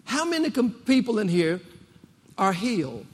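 A man's voice: high voice, sing-song, moderate pace, husky. A man preaching a rousing sermon to a congregation, repeating phrases and calling for responses. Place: church. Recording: long reverb of a church hall.

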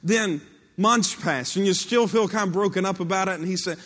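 A man's voice: sits high, normal speed, fairly bright tone. A man preaching a sermon in a storytelling way, acting out quoted speech and building to impassioned peaks. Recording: long hall reverb.

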